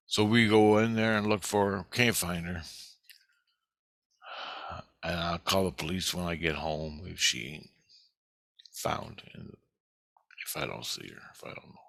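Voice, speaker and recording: A man's voice: low-pitched, steady tone, measured pace, gravelly, long pauses, fairly bright tone, dry recording. A man telling a rambling personal story in a casual, profane way.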